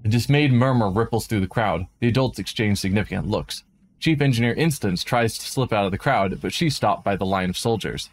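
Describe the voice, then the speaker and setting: A low-voiced man reads a game's story aloud for a stream, telling it dramatically and breaking off for his own quick asides. Faint background noise sits under his voice. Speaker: let's play streamer. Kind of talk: reading a visual novel aloud.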